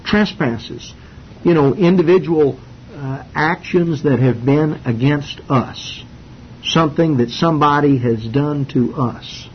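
A man teaching through a Bible passage in an informal, folksy way, with frequent fillers and restarts. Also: takes it slowly. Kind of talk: informal Bible study sermon. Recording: dull lo-fi recording with faint rumble.

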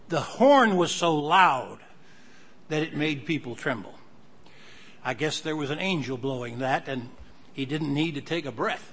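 An older man delivers a sermon in a slightly higher voice than most men. He talks through the passages in an easy, conversational way, then reads the verses aloud with building force. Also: moderate pace, a bit bright, slightly rough. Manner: conversational Bible teaching, reads scripture aloud with rising emphasis. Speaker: preacher.

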